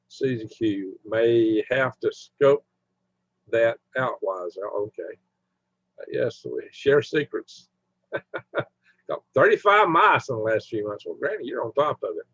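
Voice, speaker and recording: Husky man chatting on a live stream. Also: medium pitch, expressive, slow pace, long pauses, fairly bright tone, dry recording. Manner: rambling, chatty, hums to himself while browsing. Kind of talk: casual live stream chat with viewers. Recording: dull lo-fi mic sound.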